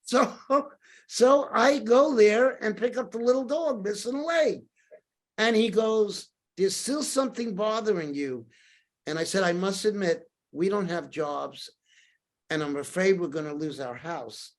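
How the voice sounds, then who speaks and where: Older man, podcast guest, lively storyteller who acts out the people he quotes. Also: high-pitched, a little slow.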